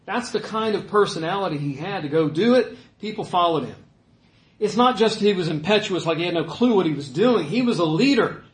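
A man preaching a sermon in an animated way, acting out the voices he quotes. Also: high-pitched, fairly quick, reverberant, low-quality recording. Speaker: pastor.

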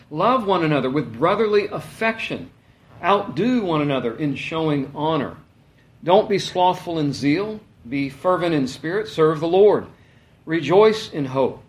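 A man giving a conversational sermon, reading scripture and telling stories with casual asides. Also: a little high. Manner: conversational, storytelling with asides and chuckles. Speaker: pastor. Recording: echoey room.

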